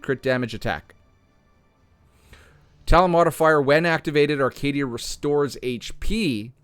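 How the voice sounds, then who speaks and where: A slightly hoarse man with an ordinary mid-range voice works through game patch notes out loud, stopping to restart and correct himself as he goes. The sound is dry and close, with faint music playing underneath. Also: mid-range voice, no room sound. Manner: thinks aloud, restarts and self-corrects. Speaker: gaming content creator.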